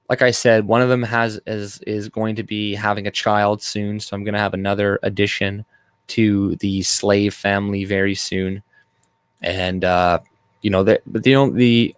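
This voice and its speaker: A man's voice: fairly low pitch, clean tone, dry recording, studio quality. A man hosting a live stream, rambling loosely through chat messages with crude, off-color jokes. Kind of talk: casual live-stream commentary.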